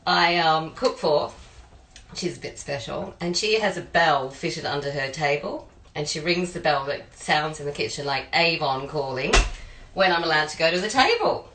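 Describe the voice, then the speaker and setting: An Australian woman who works as a home cook and private chef makes a pie while telling long, rambling anecdotes in a chatty cooking demo. Her voice sits low with lively intonation, normal speed and a slightly bright tone, though the low-quality recording sounds echoey.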